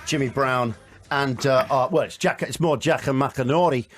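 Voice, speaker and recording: A man hosting a sports radio show, joking and quizzing his guest in quick, eager chat. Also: mid-range voice, noisy background. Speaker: radio host.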